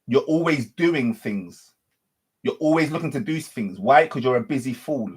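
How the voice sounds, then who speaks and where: A man's voice: mid-range voice, animated, moderate pace, slightly rough. A man giving an unscripted spiritual monologue as a teacher, repeating and reworking his phrases and often correcting himself. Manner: repetitive, circling phrasing with frequent self-corrections.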